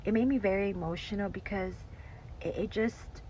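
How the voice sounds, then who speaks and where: A woman's voice: mid-range voice, moderate pace, darkish tone. A woman giving an emotional faith testimony in casual talk. She speaks earnestly, repeats herself, often addresses listeners as y'all, and drops to a whisper at emotional moments. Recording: slightly dull lo-fi audio with faint noise.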